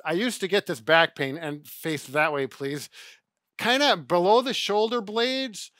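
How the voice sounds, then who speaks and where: Chatty middle-aged male co-host explaining stretches, bright forceful tone, a bit high, dry close sound. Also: a little slow, dry recording. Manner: chatty, self-correcting, demonstrates exercises. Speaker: physical therapist co-host. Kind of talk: casual instructional chat.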